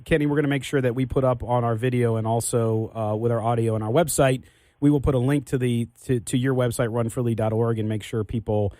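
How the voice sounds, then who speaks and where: A man's voice: medium pitch, steady tone, quick pace, dark tone, no echo, clean studio sound. A man hosting a sports radio show, talking with enthusiasm and frequent restarts.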